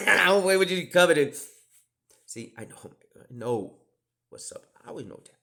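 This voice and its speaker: A man's voice: a little high, lively intonation, moderate pace, vocal fry, pauses often, bright, forceful tone. A middle-aged man hosting a podcast, telling rambling stories in a profane, digressive way, often dropping into whispered asides. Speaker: podcast host. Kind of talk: rambling storytelling monologue.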